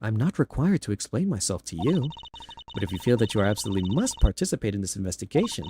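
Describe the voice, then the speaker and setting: A man voicing a stern, aloof judge in a game, speaking formally in a lowered voice. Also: very animated, fast, dark tone, slight background noise. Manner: formal, cold. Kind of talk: voicing game dialogue on a stream.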